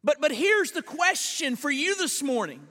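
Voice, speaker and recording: Male pastor, dynamic sermon delivery, high voice, bright and forceful, long church reverb. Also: big pitch swings. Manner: dynamic preaching, swinging from loud emphatic lines to hushed slow ones; repeats words at the start of phrases. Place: church sanctuary.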